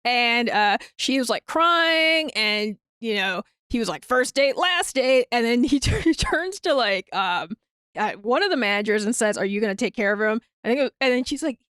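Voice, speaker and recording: Recorded dry in studio quality, a woman's clean-toned, fairly high voice moves at a normal speed. She's a comedian from the Upper Midwest, by her American accent, chatting on a podcast as a guest. Animated and quick to laugh, she tells stories and acts out the quotes.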